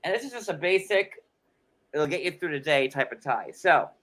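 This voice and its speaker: A man's voice: fairly high pitch, animated, moderate pace, a bit bright. A man co-hosting a casual chat, sarcastic and rambling with many fillers. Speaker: podcast co-host.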